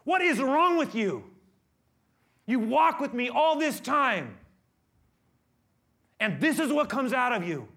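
A man voicing Jesus as an adult man sternly rebuking his followers, in a shouting, impassioned tone inside a sermon. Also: extremely high pitch, sing-song, slow pace, long pauses, voice pushed up, heavily acted. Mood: stern rebuke. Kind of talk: acted quote within a sermon.

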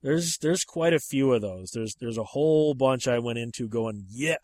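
A man hosting a casual movie chat, talking in an animated, emphatic way. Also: moderate pace, no echo. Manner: animated and emphatic, with sharp rises in pitch when making a point.

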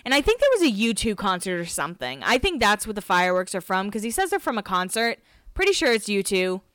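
A woman's voice: medium pitch, very animated, fast, a bit bright, no room sound. A woman hosting a podcast, recapping an episode in a chatty, giggly, self-mocking way. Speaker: podcast host.

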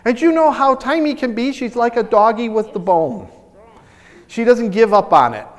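In a church sanctuary, a male pastor with a high voice delivers an animated sermon at a moderate pace. His excitable energy leads to many restarted sentences, and a long hall reverb lingers after each phrase.

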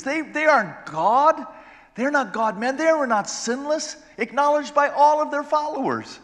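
A man pastor preaching a sermon, swinging from loud exclamations to hushed storytelling. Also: very high voice, animated, normal speed, in a large hall.

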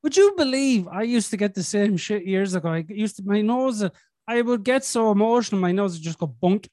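A man's voice: sits high, lively intonation, a little fast, darkish tone, no echo. A blunt, sweary man talks casually as a podcast host. His voice sounds close and dry, with no room sound around it. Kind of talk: casual conversation.

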